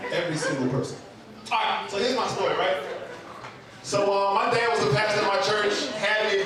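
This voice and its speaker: High-voiced man telling a funny story. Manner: animated, conversational, with comic asides. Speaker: open mic storyteller. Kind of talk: comedic personal storytelling. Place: live open mic venue. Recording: echoey room from far off, noisy.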